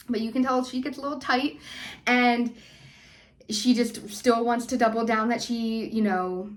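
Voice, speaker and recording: A young woman recapping a reality TV episode in a casual, heated vlog, full of "like" and "you know" as she rants. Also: medium pitch. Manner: heated, ranting, many fillers like "like" and "you know". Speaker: recap vlogger.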